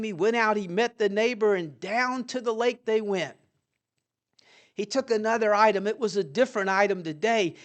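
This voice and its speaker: A storyteller telling a plain-spoken inspirational tale with a homely, folksy manner. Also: mid-range voice.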